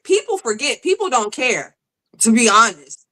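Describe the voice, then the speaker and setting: A woman's voice: on the high side, sing-song, moderate pace, sharp tone, rough recording. A woman guest sharing a personal story in an earnest, emphatic, conversational way.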